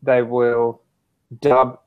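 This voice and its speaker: An Australian man chatting casually as a guest, measured and pausing with "um" while he searches for words. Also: mid-range voice, completely flat delivery, clear, resonant tone, narrow, tinny audio. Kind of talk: casual chat.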